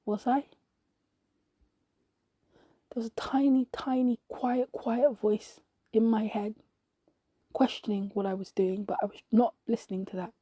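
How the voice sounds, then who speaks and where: Breathy woman narrating a dramatic monologue. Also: fairly high pitch, steady tone, mellow, no echo. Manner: slow, intimate, often dropping to a whisper. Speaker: podcast narrator.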